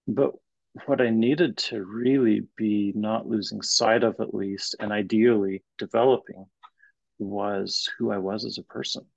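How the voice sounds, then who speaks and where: A middle-aged man, a guest therapist, tells a story from his training in an interview, animated and halting with restarts, over a video call. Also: on the low side, creaky, dry recording, dull audio.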